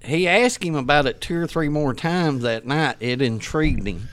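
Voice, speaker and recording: A man's voice: a little high, normal speed, a bit bright. Laid-back middle-aged west texas guy chiming in on a podcast. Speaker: guest, hunting partner. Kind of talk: casual chat.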